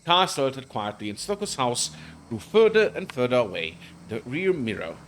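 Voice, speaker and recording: A man's voice: mid-range voice, very animated, normal speed, slight background noise. A man streaming live, reading a visual novel aloud with emotion and intensity, sometimes stumbling over words. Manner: emotional, intense, with occasional slips. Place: home streaming setup.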